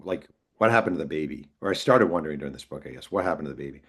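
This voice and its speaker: A man's voice: very deep voice, expressive, very fast, husky. A man from New York, an author telling a story in casual conversation and acting out the voices of the people he quotes. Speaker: author and podcast guest.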